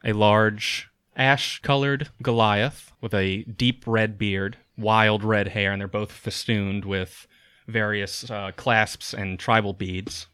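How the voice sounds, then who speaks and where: A man running a tabletop game as game master, narrating scenes in a descriptive way with frequent pauses and fillers. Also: lowish voice, level tone, a bit bright, clean tone, no echo, clean studio sound.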